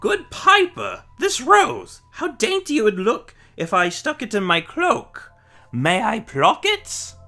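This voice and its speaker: A man voicing a greedy, cackling old witch in a storybook reading, with shrieks and slow, croaking taunts. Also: very high voice, huge pitch swings, bright, forceful tone, faint music behind, voice pushed up, heavily acted. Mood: wheedling. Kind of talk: storybook read-aloud.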